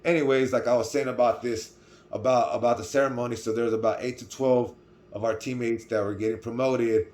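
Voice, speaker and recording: A man's voice: medium pitch, fairly even intonation, a little fast, a little mellow. A middle-aged man with a Californian accent telling a personal story in a casual vlog, rambling with restarts and asking "right?" as he goes. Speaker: vlogger.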